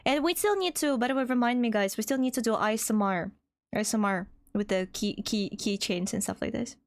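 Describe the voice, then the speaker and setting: A woman's voice: fairly high pitch, a little fast, no echo. A young woman with a Russian accent, a VTuber chatting casually on a livestream, reading chat aloud and laughing often. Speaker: VTuber streamer.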